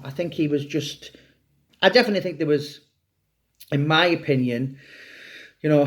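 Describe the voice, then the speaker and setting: A middle-aged man, an author, talking in a casual interview with many restarts and fillers. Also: a little high. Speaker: author discussing a book subject.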